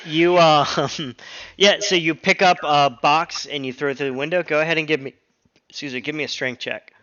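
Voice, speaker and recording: A man narrating as game master of a tabletop role-playing game, relaxed and hesitant, with many pauses and fillers. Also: fairly high pitch. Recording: slightly dull lo-fi audio with faint music.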